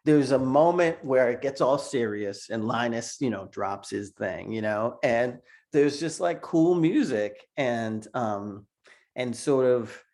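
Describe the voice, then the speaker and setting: Expressive yet slow, with a medium pitch and a slightly mellow tone, a middle-aged cartoonist tells stories during a casual interview on a video call. Laughter comes often, and he repeats words as he talks.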